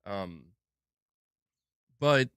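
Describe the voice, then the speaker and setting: A man hosting a gaming livestream, ranting in an excitable, self-mocking way and swearing often, restarting his words as he gets worked up. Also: fairly low pitch, drawn-out words, clean tone, no echo, studio quality. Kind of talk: live commentary rant. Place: indoor room at home.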